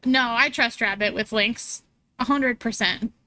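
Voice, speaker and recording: A woman's voice: fairly high pitch, measured pace, bright, forceful tone, no room sound. A young woman streaming, chatting casually with her viewers and laughing often as she reads chat aloud.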